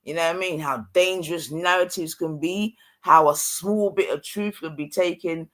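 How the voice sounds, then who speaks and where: A man's voice: on the high side, normal speed, fairly bright tone. A young man, ranting in heated casual talk with street slang, exasperated and repetitive. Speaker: streamer.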